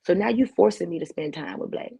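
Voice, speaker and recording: A woman's voice: lowish voice, fast talker, vocal fry, dark tone, husky. A woman who is a talk show guest, telling her life story vividly with street slang and lots of repetition.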